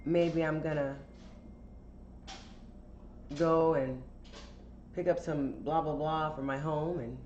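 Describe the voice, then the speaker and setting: A courteous, eager artsy man, as a woman quotes him in her low voice, offering help in a mild, pleasant tone. The sound is roomy and a bit dull. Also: a little hiss or hum.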